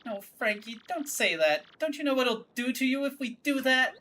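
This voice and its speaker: A woman voicing a lovestruck young female creature in a video game, pleading in a high, melodramatic way. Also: lively intonation, normal speed, pushed and bright, a little hiss or hum.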